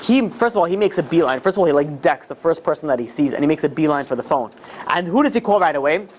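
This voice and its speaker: A man, a rabbi, telling a story to a live group in a casual, animated way, with many fillers and restarts. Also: fairly high pitch, fast, a little hiss or hum. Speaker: rabbi teaching a class.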